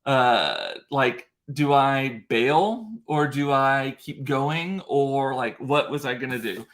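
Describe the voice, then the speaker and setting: A man's voice: medium pitch, takes it slowly, fairly bright tone. Male livestream host, casual and rambling, chatty and emotional, speaking into a computer mic. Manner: rambling, emotional storyteller with frequent fillers and restarts. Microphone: computer mic in front of a ring light.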